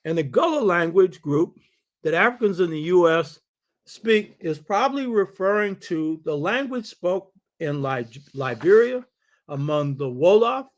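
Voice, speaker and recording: A man's voice: sits high, a bit bright. A man hosting and lecturing on history and culture, emphatic and preacherly, stressing his points by repeating them and throwing rhetorical questions at the listener. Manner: repeats key phrases for stress. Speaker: host and lecturer.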